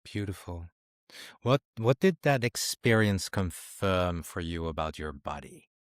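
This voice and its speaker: Deep-voiced male podcast host. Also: expressive, measured pace, dry recording, studio quality. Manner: brief, soft affirming reactions. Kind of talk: interview questions.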